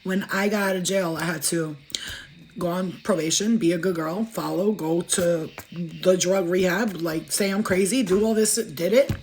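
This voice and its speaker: A woman chatting casually to livestream viewers as a spiritual reader, fast-talking, profane and emphatic. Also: on the low side, steady tone, a little mellow, a little hiss or hum.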